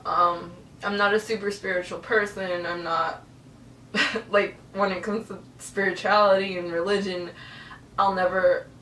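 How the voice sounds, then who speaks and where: Young woman vlogging her story: heartfelt and emotional, middle pitch, echoey room. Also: steady tone, a little slow, sharp tone, distant mic, a little hiss or hum. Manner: earnest, emotional, tearful at times. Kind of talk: personal story to camera. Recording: echoey room, voice a bit off-mic.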